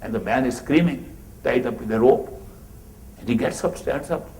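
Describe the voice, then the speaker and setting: A spiritual teacher tells a story in a mellow, warm male voice and acts out the people in it with animation. He speaks in a hall with a roomy echo around him. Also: mid-range voice, moderate pace. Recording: roomy echoey room.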